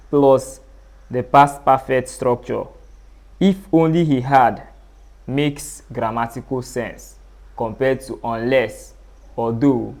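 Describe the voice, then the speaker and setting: A man teaching an exam prep lesson, reading each question aloud and then repeating it. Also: medium pitch. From Nigeria. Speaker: English tutor.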